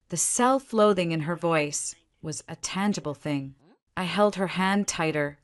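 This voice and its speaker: Woman storyteller, lowish voice, steady first-person narration. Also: measured pace.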